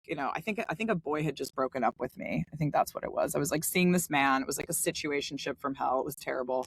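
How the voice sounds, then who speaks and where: A woman, a podcast guest telling her story in a lively, casual way and acting out quotes with big jumps in pitch. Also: dry recording.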